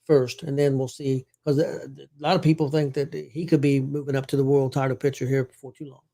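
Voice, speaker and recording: A man's voice: medium pitch, little pitch movement, fairly quick, creaky, mellow. A man hosting a casual sports talk show, rambling with fillers and self-corrections. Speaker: show host.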